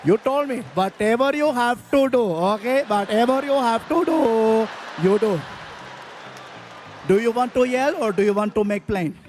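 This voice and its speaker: A man voicing a calm, polite cab driver, slow and matter-of-fact. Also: very high-pitched, slight background noise.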